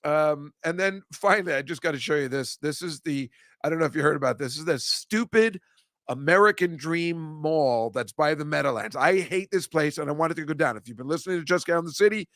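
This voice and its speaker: A man's voice: fairly high pitch, fairly quick, fairly bright tone, dry recording, studio quality. An older man, hosting a casual chat show and ranting with self-mocking asides. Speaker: host. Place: comedy club studio.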